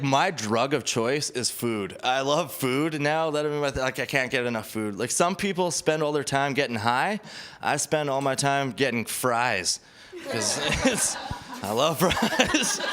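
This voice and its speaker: A man's voice: fairly high pitch, a bit bright, slight background noise. A man doing a stand-up set on a club stage, rambling and self-deprecating, often laughing at his own jokes. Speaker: stand-up comedian.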